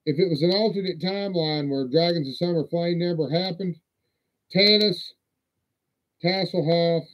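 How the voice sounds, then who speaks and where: A man with a fairly high voice, rambling and swearing in a folksy way as he hosts a livestream. His audio sounds dull and lo-fi. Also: darkish tone. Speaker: livestream host. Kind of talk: casual livestream show-and-tell.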